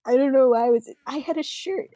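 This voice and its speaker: Giggly young woman with mellow voice. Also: high voice, brisk, no room sound. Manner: giggly, teasing. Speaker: co-host. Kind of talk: casual chat.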